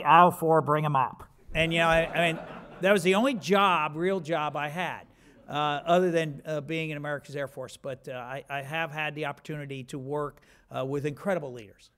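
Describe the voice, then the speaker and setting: Man in his 50s, kinda high voice, rambling award speech full of restarts and jokes. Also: a bit bright, smooth. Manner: rambling and self-deprecating, many restarts. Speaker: award recipient giving acceptance speech. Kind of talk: informal acceptance speech.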